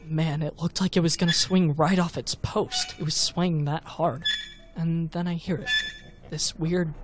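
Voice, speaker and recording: An actor playing a jumpy, excitable teenage boy who talks casually. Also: a little high, lightly acted. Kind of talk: audio drama acting.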